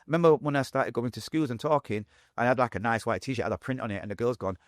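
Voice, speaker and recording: A man's voice: mid-range voice, very fast, no echo, clean studio sound. A man with a Manchester accent telling his life story as an interview guest, emotional and blunt with street slang. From England.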